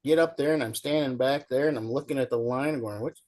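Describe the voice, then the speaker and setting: Fast-talking and medium-pitched, a middle-aged show guest chats casually through folksy tales, playing the characters himself, shouting coach included.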